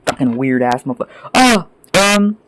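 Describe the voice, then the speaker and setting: A man ranting off the cuff as a vlogger, angry and sweary, rambling between loud outbursts and low mutters. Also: very animated, normal speed, rough recording. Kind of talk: profane off-the-cuff rant.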